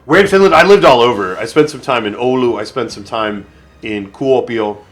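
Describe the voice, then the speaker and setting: A man's voice: medium pitch, moderate pace, faint music behind. A man streaming a video game, chatting casually and thinking aloud with lots of fillers. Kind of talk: casual live gameplay commentary.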